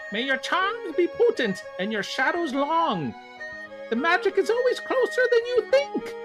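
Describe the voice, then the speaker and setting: A man voicing an old female witch in a high, theatrical put-on voice that slides toward a leprechaun lilt. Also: huge pitch swings, a little slow, music in the background, full character voice. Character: cackling old female witch reading an outro.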